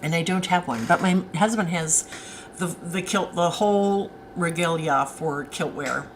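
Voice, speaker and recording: A woman's voice: on the low side, a little slow, slight background noise, poor audio. A woman author hosting a casual live stream, chatting and answering viewer comments as they come in.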